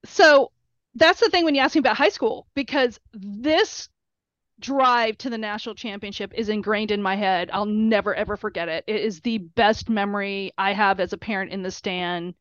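A middle-aged woman, a player's mother, telling animated stories in an interview and acting out quotes in a shrill high voice. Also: normal speed, dry recording. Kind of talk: storytelling interview. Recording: dull lo-fi recording.

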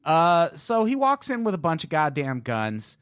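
A man's voice: a little high, wildly swooping pitch, normal speed, fairly bright tone, dry recording. A man co-hosting a comedy true-crime podcast, reading the case casually and swearing as he goes. His voice swings widely up and down as he jokes around. The sound is dry and close, with no room around it. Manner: profane, joking tangents while reading a case. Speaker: podcast co-host.

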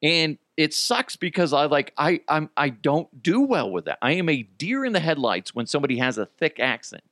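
A man's voice: fairly high pitch, big pitch swings, normal speed, few pauses, a bit bright, no echo, studio quality. A man in his thirties hosting a podcast, telling a story in a rambling, self-deprecating way and swearing freely. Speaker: podcast host. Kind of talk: casual storytelling monologue.

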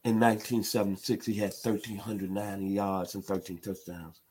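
A man from Memphis delivers an emphatic sports commentary monologue. His voice is husky and sits a little low. He hammers his points home with rising intensity. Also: flat delivery, fairly quick, darkish tone. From Memphis, Tennessee. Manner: emphatic, builds to impassioned outbursts.

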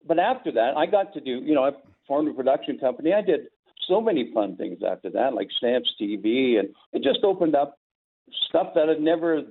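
A man's voice: a little high, very animated, brisk, a little hiss or hum. An older man, a former sportscaster, telling rambling stories in casual chat, chuckling and quoting dialogue as he goes. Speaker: podcast guest, former sportscaster. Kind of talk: casual storytelling. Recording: tinny phone-like line.

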